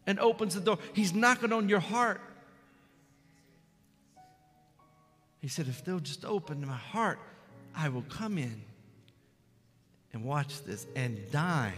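A man preaching a fervent sermon, swinging between loud calls and hushed passages. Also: high voice, big-room sound. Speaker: pastor. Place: church sanctuary.

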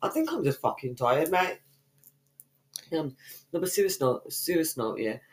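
Brash young woman, podcast co-host, swears nonstop, slangy, very animated delivery. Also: low voice, normal speed. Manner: brash, swears constantly, playful insults; slangy street talk. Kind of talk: casual banter.

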